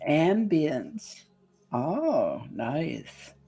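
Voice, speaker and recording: A woman's voice: sits low, very animated, very slow, dark tone, husky. A woman chatting casually on a streamed show, telling stories with some mild swearing. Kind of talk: casual chat. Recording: faint music behind.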